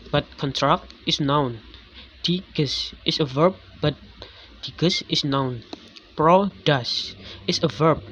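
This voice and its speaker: A man's voice: a little high, a bit bright, a little hiss or hum. A man reading a lesson on English word stress aloud, with frequent restarts on words. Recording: dull lo-fi recording.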